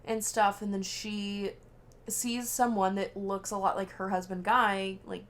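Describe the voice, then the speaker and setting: A woman's voice: medium pitch, unhurried. Young woman animatedly retelling a film. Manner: animated retelling that acts out characters' lines, swearing freely. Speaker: podcast co-host. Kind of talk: casual chat recapping a film.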